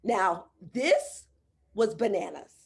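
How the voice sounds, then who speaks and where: A woman in an interview, a coaching client who tells her story lively, acting out quoted conversations. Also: takes it slowly, creaky. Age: adult with children. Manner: animated, acts out quoted dialogue with big pitch jumps.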